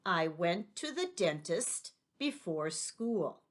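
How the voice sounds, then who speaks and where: Slow, patient woman teacher with a low voice. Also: big pitch swings. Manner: patient, spells words out letter by letter. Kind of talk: spelling lesson for young children.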